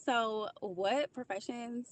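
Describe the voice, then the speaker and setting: A woman's voice: fairly high pitch, slow pace, very noisy. A woman hosting and giving direct, opinionated answers to viewers. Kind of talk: casual talk to viewers.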